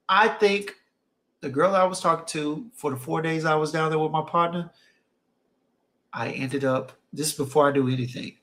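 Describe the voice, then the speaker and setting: A man's voice: fairly high pitch, fairly bright tone. A man hosting a stream, telling casual stories in an emphatic way and often repeating phrases for effect. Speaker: livestream host reading chat. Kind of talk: casual storytelling chat.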